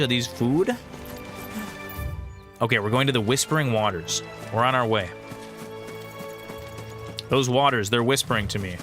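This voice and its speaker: A man streaming a video game, chatting in an excitable, jokey, rambling way as he plays. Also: medium pitch. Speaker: gaming streamer host. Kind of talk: casual let's-play commentary. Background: game music.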